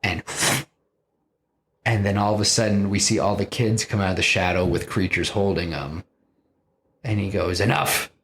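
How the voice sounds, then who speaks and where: A man hosting a podcast, casually pitching a film story in a rambling way, full of fillers. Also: steady tone, normal speed, long pauses, a bit bright, a little hiss or hum. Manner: rambling, many fillers like "you know".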